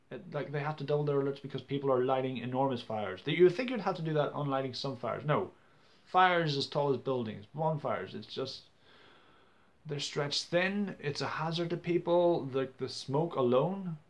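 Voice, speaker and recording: A young man, ranting to camera in a casual vlog, exasperated, with many stumbling restarts. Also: mid-range voice. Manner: exasperated, stumbling restarts, acts out quoted people loudly. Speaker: vlogger.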